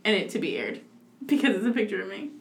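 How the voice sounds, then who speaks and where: A woman's voice: mid-range voice, big pitch swings, fast, echoey room, a little hiss or hum. A woman, co-hosting a casual podcast chat with friends, giggly and teasing, often laughing. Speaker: podcast co-host.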